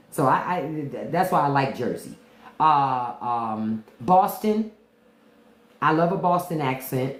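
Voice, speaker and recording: Candid D.C. woman with a low voice. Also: animated, a little slow. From Washington, D.C. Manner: candid, laughs often, drops into imitations of regional speech. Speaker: podcast host on a livestream. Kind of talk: casual livestream chat answering viewers. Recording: echoey room.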